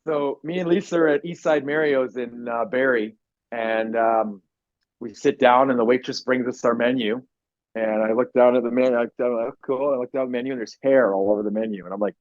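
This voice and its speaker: A man telling a personal story on a podcast, animated and swearing often, acting out what people said. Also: medium pitch, brisk, dry recording. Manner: animated, swears a lot, acts out quotes loudly. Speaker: podcast guest. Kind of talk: casual storytelling. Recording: dry, dull lo-fi podcast audio.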